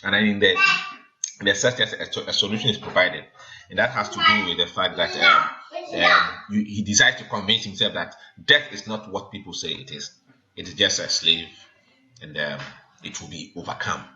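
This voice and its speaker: Measured male teacher, dull lo-fi sound. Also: deep voice. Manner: measured, hesitant, frequent ums, counts syllables aloud. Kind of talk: recorded literature lesson. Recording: dull lo-fi sound with faint noise.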